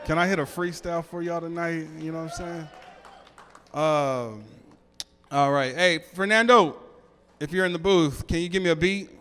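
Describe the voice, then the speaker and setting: A man's voice: a little high, moderate pace, fairly bright tone, clean tone. A man doing stand-up on a club stage, loose and conversational, who also freestyles raps. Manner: loose, conversational, lots of "you know what I'm saying". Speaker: stand-up comedian. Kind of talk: stand-up set with freestyle rap. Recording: hall reverb with music.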